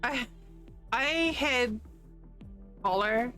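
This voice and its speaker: A woman's voice: a little high, drawn-out words, faint music behind. A woman from New Zealand with a New Zealand accent, hosting a stream with blunt, profane casual chat. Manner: blunt, swears freely, animated storytelling. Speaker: streamer host.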